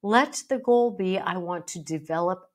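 A middle-aged woman hosting a solo podcast, speaking emphatically with a playful, animated delivery. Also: on the low side, a little slow. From United States. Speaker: podcast host and bariatric psychologist.

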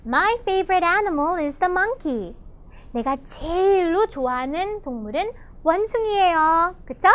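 Brief: woman teacher, enthusiastic storybook reader, bright high voice, fast delivery. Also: animated. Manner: enthusiastic, gasps often, explains in Korean. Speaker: English teacher reading a picture book. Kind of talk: bilingual storybook lesson for children.

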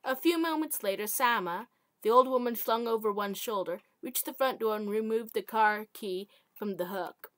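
A woman's voice: fairly high pitch, normal speed, a bit bright, dry recording. A woman reading her own short story aloud, stumbling over words and correcting herself. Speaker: amateur author.

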